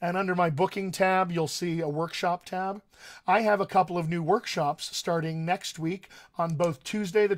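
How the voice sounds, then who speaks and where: A middle-aged man, a dialect coach, answering viewer questions in a live online session, explaining with analogies and restarting phrases as he thinks. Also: high voice. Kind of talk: live-streamed Q&A teaching.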